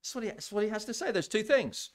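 A man preaching a sermon in a church, conversational and animated, often repeating words as he builds his points. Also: high voice, quick pace.

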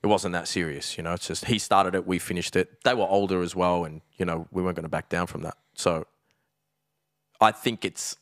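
Australian guy, low voice, streetwise podcast guest, swears a lot, loose casual storytelling. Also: steady tone, brisk, a bit bright, no room sound, clean studio sound. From Melbourne, Australia. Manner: streetwise, swears freely, leans on "like" and "you know".

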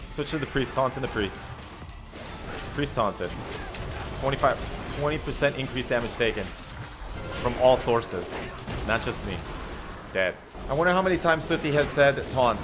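A man giving chatty, excitable commentary while he plays an online battle game, joking and calling "dude" and "man" often. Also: medium pitch, moderate pace, pauses often. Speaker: gameplay streamer. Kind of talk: live gameplay commentary. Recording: game music behind the voice.

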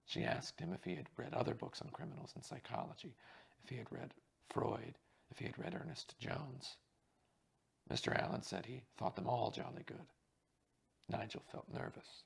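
A man narrates a mystery novel in an even, unhurried way. His voice is deeply gravelly with a husky, rough edge. The delivery stays calm and plain, at a middle pitch for a man. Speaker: audiobook reader. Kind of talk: reading a mystery novel aloud.

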